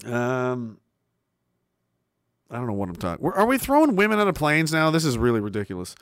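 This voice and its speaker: A man's voice: medium pitch, huge pitch swings, a little fast, smooth, no room sound, clean studio sound. A man hosting a casual live stream, reacting to chat with laughter, swearing and trailing mutters. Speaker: livestreamer.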